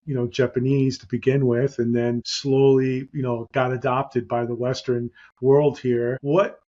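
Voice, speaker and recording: A man's voice: medium pitch, little pitch movement, unhurried, mellow, lo-fi sound. A middle-aged man hosting a podcast, chatting casually and rambling with lots of "you know" fillers. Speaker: podcast host.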